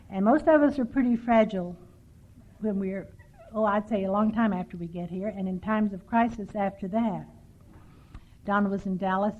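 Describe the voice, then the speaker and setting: An older woman from Texas speaking at a recovery workshop, telling stories with dry, self-mocking humor. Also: mid-range voice. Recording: tinny lo-fi 1990s tape.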